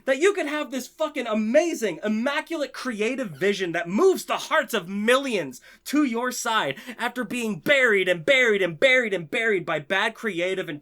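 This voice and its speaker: A man ranting passionately on his own channel, heavily profane and swinging between biting sarcasm and loud, excited enthusiasm. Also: very high-pitched. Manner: profane, heated, swings from sarcasm to shouting joy. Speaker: channel host. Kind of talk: impassioned ranting vlog.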